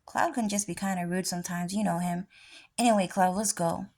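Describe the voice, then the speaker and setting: A woman's voice: on the low side, steady tone, a little fast, a little mellow. A woman vlogger talking in a rambling, casual monologue, often swearing.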